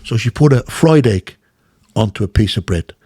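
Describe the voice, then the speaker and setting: A man's voice: lowish voice, moderate pace, breathy edge, dry recording, clean studio sound. A middle-aged man with a Dublin Irish accent telling stories in casual chat and acting out the voices he quotes. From Ireland. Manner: animated, acts out quotes. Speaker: guest, former boxer. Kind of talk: casual storytelling.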